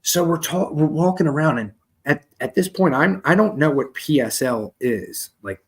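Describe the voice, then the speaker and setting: Podcast host, husky-voiced man, rambling profane anecdotes. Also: a little high, expressive, normal speed. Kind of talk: casual storytelling.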